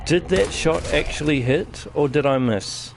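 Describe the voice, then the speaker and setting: A man's voice: fairly high pitch, unhurried, gravelly, background noise. A man with a New Zealand accent giving casual live-stream commentary while playing a game, chatting to his viewers as he goes. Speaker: gaming streamer.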